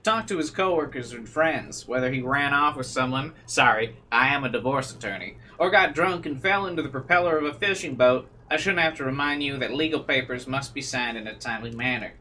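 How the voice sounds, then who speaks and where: A man's voice: medium pitch, brisk, few pauses, bright, forceful tone, a little hiss or hum, natural voice. A man voicing a stiff, formal divorce attorney writing a letter with a veiled threat.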